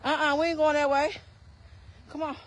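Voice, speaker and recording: A woman films a casual walking vlog on her phone along a park trail, slightly winded, talking with her children and teasing them. Her voice is high-pitched, delivered flatly at normal speed.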